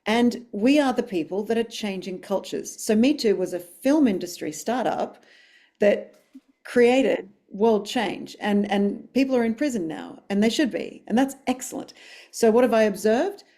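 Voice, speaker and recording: Effusive woman, warm and mellow. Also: a little high, animated, measured pace. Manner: effusive, emphatic and passionate. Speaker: dialogue coach panelist. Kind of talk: webinar panel discussion. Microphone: video call.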